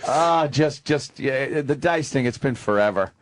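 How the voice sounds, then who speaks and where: A man's voice: mid-range voice, animated, unhurried. A man, a comedian, bantering profanely in casual chat. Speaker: comedian guest.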